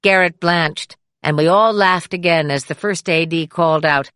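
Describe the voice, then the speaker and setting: A middle-aged woman reading her memoir aloud in a measured way, giving the quoted people raised voices. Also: fairly low pitch, a bit bright, clear, resonant tone, no room sound, clean studio sound. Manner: measured, acts out dialogue with raised voice. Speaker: memoir narrator. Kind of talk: audiobook memoir narration.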